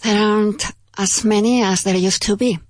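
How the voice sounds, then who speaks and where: A woman's voice: medium pitch, fairly even intonation, moderate pace, no echo. A woman carefully repeating English drill sentences. The sound is dry and close. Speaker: student.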